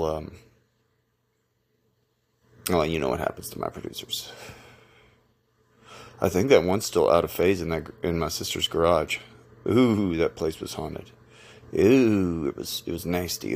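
A rambling hillbilly cowboy, as a man puts him on spins loose tall tales in a folksy drawl. The voice sits very deep, and the dark jokes land deadpan. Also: exaggerated voice. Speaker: podcast host.

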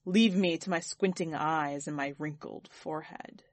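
A woman reading a story aloud, voicing a vain, wrathful man of power who barks at a painter in a lowered, forceful voice. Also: normal speed, no room sound, lightly acted. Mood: angry. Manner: shouting, wrathful. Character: vain angry powerful man called Sir.

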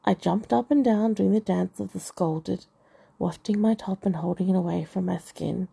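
Woman, audiobook narration, wry dry humour, strong vocal fry, dark mellow tone. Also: medium pitch, normal speed. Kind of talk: first-person novel narration.

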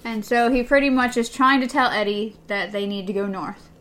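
A woman's voice: fairly high pitch, moderate pace, a bit bright. Chatty woman retelling a story. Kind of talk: casual book discussion.

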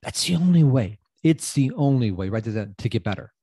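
A man's voice: medium pitch, lively intonation, normal speed, mellow, husky, no echo, clean studio sound. A middle-aged man hosting a motivational coaching podcast, emphatic and casual, often repeating phrases for effect. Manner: casual, loose grammar.

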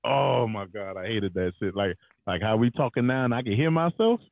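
A man's voice: on the low side, expressive, moderate pace, vocal fry, no echo. A man hosting a podcast, chatting casually in a loose, joking way and swearing freely. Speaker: podcast host. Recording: dry, dull lo-fi sound.

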